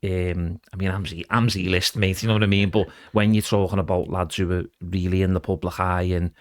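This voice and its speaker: A man's voice: sits low, level tone, brisk, no room sound, studio quality. A middle-aged man chatting as a podcast guest, rambling casually and calling the host "mate". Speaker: guest impressionist.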